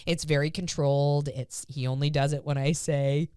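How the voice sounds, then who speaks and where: A woman dog trainer co-hosting a casual podcast, an animated storyteller who acts out voices and laughs often. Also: deep voice, normal speed, clean tone, dry recording, clean studio sound.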